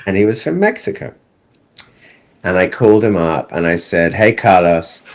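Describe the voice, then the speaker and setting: A man's voice: low voice, normal speed. A man, a film director, telling stories in a casual interview and acting out the people in them. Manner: animated storyteller who acts out other people.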